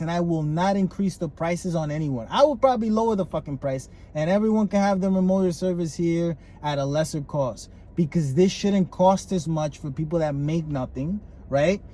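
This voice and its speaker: A man co-hosting a podcast, swearing freely in animated rants. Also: high voice. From Puerto Rico. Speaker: podcast co-host. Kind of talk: casual chat.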